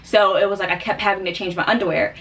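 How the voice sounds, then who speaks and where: A young woman vlogger telling a personal story in a casual, chatty way, full of fillers, getting animated when she quotes people. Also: mid-range voice, quick pace. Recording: voice a bit distant from the mic.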